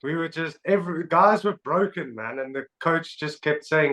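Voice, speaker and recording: Animated high-voiced male podcast host. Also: moderate pace, low-quality recording. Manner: animated storytelling, laughs often. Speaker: podcast host, former rugby player. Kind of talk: casual chat.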